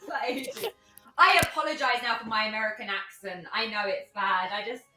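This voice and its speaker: A woman's voice: a little high, normal speed. A woman hosting a tabletop game stream, chatting in a bubbly, giggly, rambling way. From United Kingdom. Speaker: host and game master. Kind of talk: casual stream chat. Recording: echoey room with faint music.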